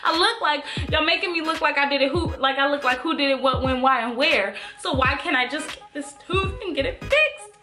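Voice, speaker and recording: Young woman vlogger, high pitched, chatty storyteller, music bed. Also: a little fast, hardly any pauses. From Bay Area, California. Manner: animated, many "like" fillers, addresses viewers as "y'all". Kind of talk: casual storytelling.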